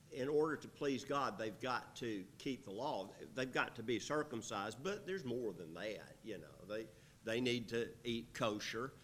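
A man teaching through scripture verse by verse in a conversational way, pausing with fillers, checking in with his listeners, and rising to emphatic reading when he quotes the text. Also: medium pitch, fairly bright tone, a little hiss or hum. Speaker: Bible teacher.

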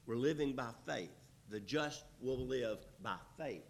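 A man teaching through scripture verse by verse in a conversational way, pausing with fillers, checking in with his listeners, and rising to emphatic reading when he quotes the text. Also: medium pitch, expressive, gravelly. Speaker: Bible teacher.

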